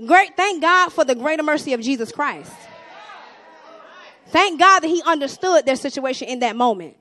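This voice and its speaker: A young woman preaching a sermon with a Southern US accent, swinging between hushed asides and loud exhortation. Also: high voice, lively intonation, moderate pace, a faint crowd.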